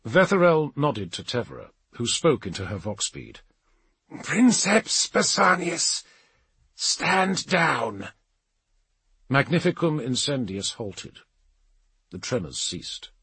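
A male audiobook narrator with a husky voice reads with dramatic, expressive delivery, his pitch rising and falling in a lively way. The recording is dry and close, with no room sound. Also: a little slow, no room sound. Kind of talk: scripted narration.

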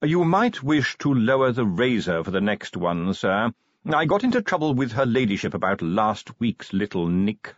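A man voicing a prim, smooth-spoken middle-aged butler with a formal, deferential manner in an audiobook. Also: on the low side, very animated, moderate pace, no echo, muffled recording, voice pushed up.

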